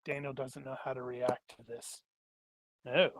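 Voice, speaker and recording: A man's voice: mid-range voice, little pitch movement, measured pace, dry recording. A man playing a tabletop game, joking and thinking aloud in a playful way. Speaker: player.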